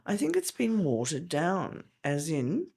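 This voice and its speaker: A woman's voice: sits low, wildly swooping pitch, unhurried, creaky, a little mellow. An older woman, a veteran teacher explaining in a podcast interview, emphatic and step by step.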